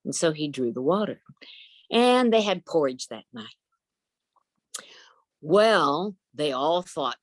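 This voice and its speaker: A woman telling a folk tale over a video call, her voice low and gentle. The sound is dry and close, with little room. Her delivery is folksy. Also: very animated, takes it slowly, pauses often, no room sound. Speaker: storyteller. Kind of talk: oral storytelling.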